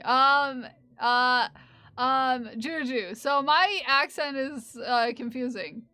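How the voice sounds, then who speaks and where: A woman live streamer chatting casually in an unhurried, drawn-out way. Her voice sits a little high, and she wanders through thoughts with fillers and restarts. Her speech slips between several accents, all recorded close and dry. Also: sharp tone, smooth, no room sound. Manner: rambling, many fillers and restarts. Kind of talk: casual chat.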